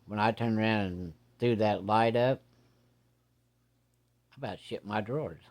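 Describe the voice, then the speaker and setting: A man telling a first-person ghost story in a plain-spoken, folksy way, building suspense with slow, deliberate pacing. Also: lowish voice. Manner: plain-spoken, drawling, folksy rural grammar.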